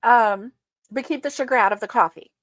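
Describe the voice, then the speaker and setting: A woman's voice: a little high, a little fast, fairly bright tone, no room sound. A woman hosting a casual livestream, chatting and rambling with many fillers and greeting her viewers. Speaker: livestream host. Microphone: streaming setup.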